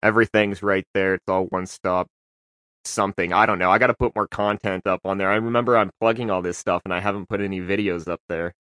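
A man's voice: low-pitched, fast, dry recording, clean studio sound. A man talking casually as a podcast guest, swearing freely and acting out his stories. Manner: profane, animated storytelling. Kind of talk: casual chat.

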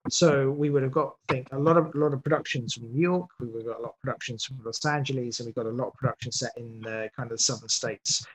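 A man's voice: medium pitch, steady tone, fast, hardly any pauses, poor audio. A man, a guest producer of audio drama, chatting in an interview and often breaking off to restart his sentences. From England. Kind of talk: podcast interview.

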